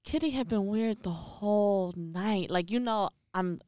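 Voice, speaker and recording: A woman co-hosting a podcast, telling a story in animated, slangy casual chat with frequent laughs. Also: medium pitch, a little slow, no echo, studio quality. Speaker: podcast co-host.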